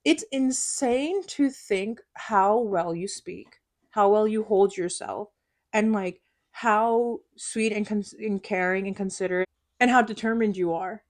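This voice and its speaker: A young woman co-hosting a podcast in casual chat, animated and laughing often, breaking into high squeals when excited. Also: measured pace. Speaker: podcast co-host.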